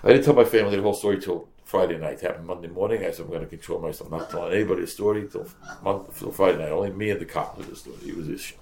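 Older rabbi with a gravelly low voice. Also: male voice. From United States. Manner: animated, repeats words, Yiddish and Hebrew words. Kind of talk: storytelling sermon.

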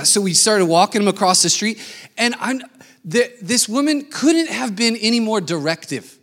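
A man preaching a sermon, telling a lively story and acting out the people in it. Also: high-pitched, brisk. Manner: animated storytelling, acting out quoted voices. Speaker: pastor.

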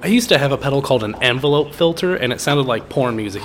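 A man's voice: medium pitch, fast talker, hardly any pauses, slight background noise. A young adult man co-hosting a podcast, joking and bantering in a casual chat. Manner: joking, playful, animated. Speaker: podcast co-host.

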